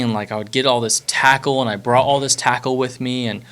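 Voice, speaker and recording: A man's voice: medium pitch, fairly even intonation, fast talker, hardly any pauses, sharp tone. Laid-back rambling man hosting a podcast. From Florida, US. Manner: rambling, laid-back, many fillers and restarts. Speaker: podcast host. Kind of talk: casual podcast chat.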